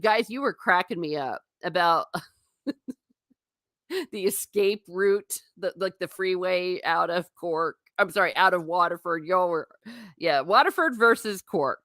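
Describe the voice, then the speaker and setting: Lively, irreverent woman chatting to her chat. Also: mid-range voice, dry recording. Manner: chatty, irreverent, laughs often, mild swearing. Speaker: vlogger reading live chat. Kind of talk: casual live-stream chat.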